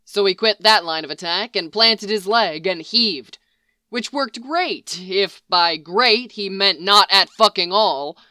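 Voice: mid-range voice, slow, bright, forceful tone, clean tone, no room sound, studio quality. A narrator reading a story aloud with wry, emphatic delivery. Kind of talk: audiobook reading of fan fiction.

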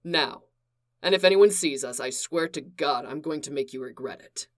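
A woman voicing a gruff, guarded man in a storybook reading, speaking low and clipped. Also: normal speed, lightly acted. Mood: menacing.

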